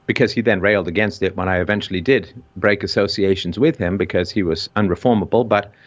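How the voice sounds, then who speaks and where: A low-voiced man with a vaguely British colonial accent speaks as a podcast host. He is emphatic and rises sharply when he stresses a point. The audio is dull and lo-fi. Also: fast. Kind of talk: intense discussion.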